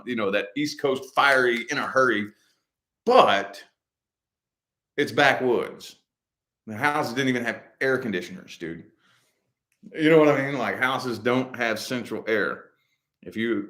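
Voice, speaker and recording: A man talks loosely and at length to his viewers, circling back to repeat himself. He fills his talk with "you know" and the odd curse. His voice sits at an ordinary middle pitch. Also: normal speed, fairly bright tone. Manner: rambling, loose and profane, with many "you know" fillers. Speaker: host answering viewer comments. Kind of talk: casual livestream chat.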